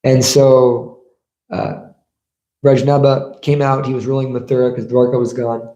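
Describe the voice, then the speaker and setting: A man presents a scripture class in sermon form at a temple hall, storytelling and asking the audience rhetorical questions, all captured in an echoey room. His mid-range voice is warm and measured, with little pitch movement.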